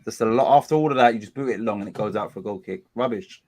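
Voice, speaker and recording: A man, hosting a casual live watchalong of a football match. He complains about dull play and gets excited during attacks. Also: fairly low pitch, fast. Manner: chatty, groans at a dull game, excited bursts at attacks. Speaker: watchalong host.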